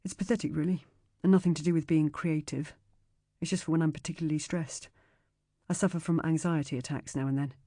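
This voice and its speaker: Anxious, over-polite young workman, mellow and close, voiced by a woman narrator. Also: low-pitched, steady tone, fairly quick, no echo. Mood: sheepish. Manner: polite, apologetic. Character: anxious, apologetic young male handyman.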